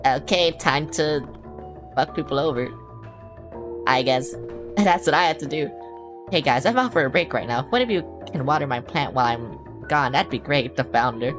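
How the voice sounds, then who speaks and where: Low-voiced woman streamer joking through a game. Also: normal speed, over music. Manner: joking, swearing, laughing asides. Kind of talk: casual let's-play commentary.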